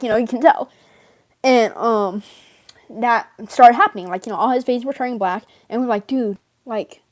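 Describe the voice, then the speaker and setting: A woman's voice: a little high, darkish tone. A woman rambling through an in-character story, filling her talk with "like" and laughing often. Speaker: fan role-player in character.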